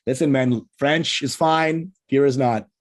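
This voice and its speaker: A man in the middle of his pitch range riffs loosely for a podcast, his talk full of swearing and bursts of laughter. He comes through a video call, in relaxed banter with his co-host. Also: measured pace. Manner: laughing, profane, riffing. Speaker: co-host, stand-up comedian. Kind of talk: casual podcast chat.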